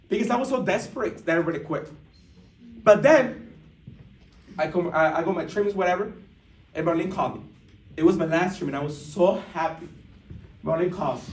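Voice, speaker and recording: A man telling a story to a live audience at a business event, animated, acting out what people said, with many restarts. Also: on the high side, slight background noise. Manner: animated, acts out dialogue, frequent restarts. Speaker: motivational speaker at a business event. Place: large indoor event room. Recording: echoey hall, mic heard from a distance.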